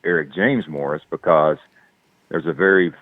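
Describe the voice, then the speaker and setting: A man's voice: extremely low pitch, normal speed, dry recording. A man with a Southern accent, an actor guest chatting in an interview in a laid-back, rambling way with lots of fillers. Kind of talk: casual interview chat. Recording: tinny phone-line sound.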